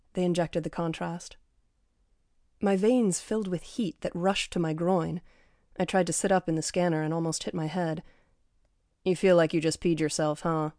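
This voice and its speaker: A woman reads her own memoir in a lowish, mellow voice. Her delivery is dry and understated, with deadpan asides. The sound is close and dry, with no room around it. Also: dry recording. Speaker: author reading her memoir. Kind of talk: first-person memoir reading.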